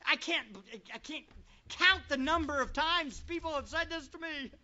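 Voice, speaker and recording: A pastor preaching a sermon to a congregation, full of rhetorical questions and swinging between loud and quiet. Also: high voice, normal speed. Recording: dull lo-fi recording.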